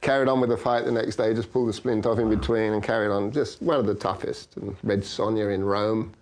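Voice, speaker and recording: An older man, a veteran stunt coordinator, telling lively anecdotes in an interview and acting out quoted dialogue. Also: fairly low pitch, a little fast.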